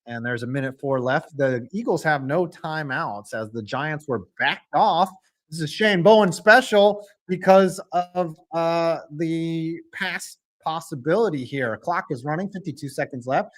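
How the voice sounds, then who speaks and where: A man streaming a live football reaction, excitable and rambling, swinging from loud outbursts to low mutters. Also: unhurried. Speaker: sports streamer.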